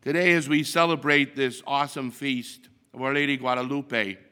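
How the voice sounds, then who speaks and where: A man, a priest, giving the Mass readings and homily in a measured, deliberate delivery. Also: mid-range voice, steady tone, sharp tone, smooth. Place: church. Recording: long church reverb.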